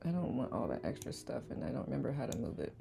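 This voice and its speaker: A woman hosting a live online study session, greeting viewers by name in a relaxed, chatty way with a calming voice. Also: very deep voice, fast, gravelly, music in the background. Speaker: live-stream host of a letting-go study group. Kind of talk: casual livestream greeting chat.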